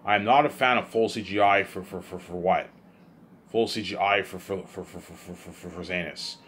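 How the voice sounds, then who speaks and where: A man's voice: low voice, steady tone, moderate pace, a bit bright, slight background noise. A young man rambling in a casual vlog monologue, stumbling over repeated words and often checking whether the listener follows. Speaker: vlogger.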